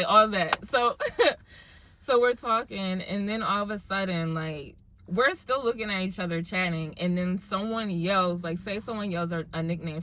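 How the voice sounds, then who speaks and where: A young woman tells a story to her viewers in a relaxed, casual way. She is animated and chatty, and her talk is full of fillers. Her voice sits at an ordinary, middle pitch for a woman. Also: moderate pace, a little hiss or hum. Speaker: vlogger telling a story.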